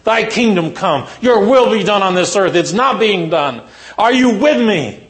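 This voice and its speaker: A man shouting as an impassioned rallying leader. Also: high voice, animated, a little slow, pitched above the performer's own voice. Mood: urgent rallying. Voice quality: urgent, shouting calls to battle. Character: Jesus as an impassioned male leader rallying followers.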